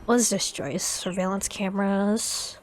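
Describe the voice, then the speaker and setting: A woman's voice: medium pitch, fairly even intonation, a little slow. A woman streaming a story game, chatting curiously and reading the text aloud. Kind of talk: playthrough commentary and reading aloud.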